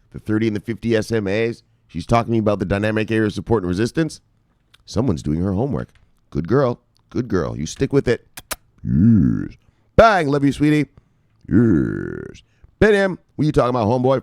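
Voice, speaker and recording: Host: man, low voice, very lively swings in pitch, dry close sound; casual livestream shout-outs, swears freely. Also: dry recording. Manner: animated, swears freely, shouts "bang" at each name. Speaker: crypto news show host. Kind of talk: casual live-stream chat reading viewer comments.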